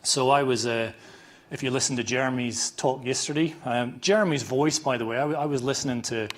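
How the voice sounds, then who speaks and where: Northern Irish man, scratchy voice, mid pitch, casual self-deprecating lecturer who trips over his words. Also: brisk. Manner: informal, self-deprecating, many restarts. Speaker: conference speaker, chiropractor. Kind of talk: academic conference lecture. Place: lecture hall.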